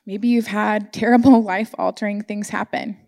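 A woman's voice: mid-range voice, fairly even intonation, moderate pace, gravelly, darkish tone. A woman giving an earnest, emotional sermon to her church congregation, sharing personal stories. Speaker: church speaker. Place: church sanctuary.

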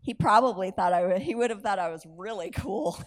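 A woman preaching, telling a story with lively acted-out dialogue and self-amused laughter. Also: medium pitch, brisk. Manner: animated, acts out dialogue, laughs at herself. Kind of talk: sermon storytelling.

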